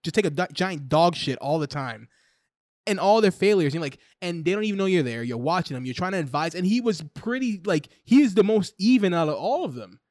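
A young man in casual podcast chat, excited and profane, rambling with lots of "like"s. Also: high-pitched, a little fast, no echo, clean studio sound. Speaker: podcast co-host. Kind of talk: casual chat reviewing a show.

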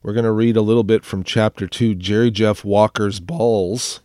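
A man hosts a music radio show while clearly sick, his voice sitting a little low. He rambles casually with plenty of fillers and pokes fun at himself. The sound is dry and close, with no room echo. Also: steady tone, normal speed, darkish tone. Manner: rambling, filler-heavy, self-deprecating. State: sick, under the weather. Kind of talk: casual radio chat introducing songs.

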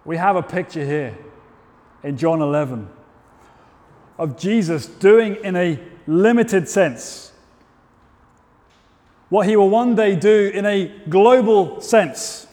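A man preaching a sermon, telling the story in a measured way and rising to loud, emphatic peaks. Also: high voice. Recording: long hall reverb.

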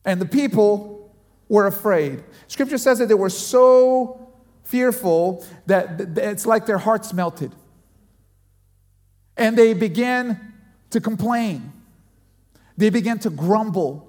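A pastor with a high voice preaches to his listeners in a lively storytelling way. He often stumbles and repeats words as he builds up to a point. His voice rings with the long reverb of a large hall. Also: slow pace, long pauses. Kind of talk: sermon.

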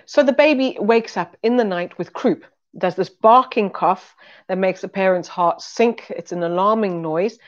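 A woman with a mid-range voice gives a weekly Bible teaching on a recording with the highs cut off. She's earnest and conversational, retelling stories to make her point.

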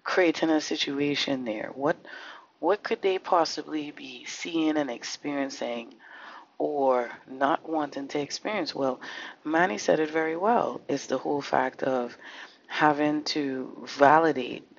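Male podcast host, gravelly and impassioned, heavy on rhetorical questions, dull lo-fi sound. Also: on the high side, a little slow, a little hiss or hum. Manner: fervent, full of rhetorical questions, swears now and then. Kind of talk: impassioned social commentary monologue. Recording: slightly dull lo-fi recording.

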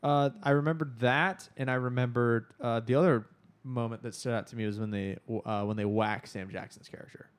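A man's voice: medium pitch, fairly even intonation, a little fast, clean tone. A man co-hosting a casual movie podcast, rambling and laughing often. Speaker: podcast co-host. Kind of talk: casual chat.

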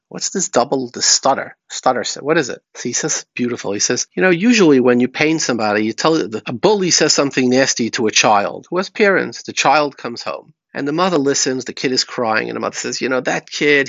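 A man's voice: mid-range voice, vocal fry, fairly bright tone, no echo. A man giving a Torah talk, telling stories and weaving in Yiddish and Hebrew terms. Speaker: rabbi. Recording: dry, slightly muffled recording.

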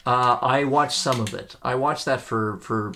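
A man's voice: medium pitch, measured pace, pushed and bright, a little hiss or hum. A man as a guest on a podcast, chatting casually with a dry, self-deprecating wit and the odd stammer. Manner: stammers and restarts at times.

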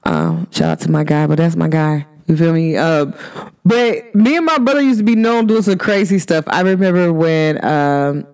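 A woman's voice: deep voice, expressive, normal speed, darkish tone, smooth. Woman, podcast host, from Cincinnati, casual monologue, slangy, chatty, laughs often. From Cincinnati, USA.

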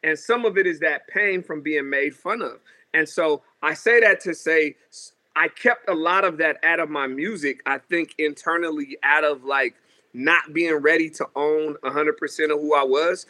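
A man in his thirties from Seattle, a musician telling stories in a casual interview, lively and acting out quotes. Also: on the high side, moderate pace. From Seattle, USA. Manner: animated storyteller, acts out quotes, says "you know what I mean" a lot. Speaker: musician guest.

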